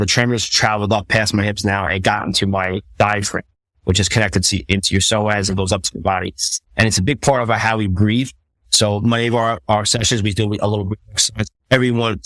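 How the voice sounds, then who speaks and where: A man's voice: lowish voice, fairly bright tone, no echo. A middle-aged man, a retired fire captain, telling stories as a podcast guest in a blunt, profane way, often restarting his sentences. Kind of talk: casual storytelling conversation.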